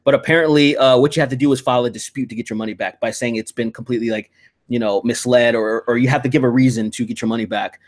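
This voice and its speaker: A male host in a loose, casual chat, venting and swearing freely as he tells his stories. His voice sits at an ordinary middle pitch, and his delivery is animated and quick to get heated. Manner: profane, animated ranting. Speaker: podcast host.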